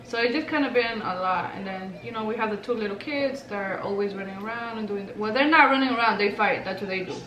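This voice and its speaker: A woman's voice: medium pitch, fast talker, hardly any pauses, fairly bright tone, recorded from a distance. A young woman chatting casually in a rambling way as a vlogger. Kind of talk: casual chat. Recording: echoey room, faint hiss.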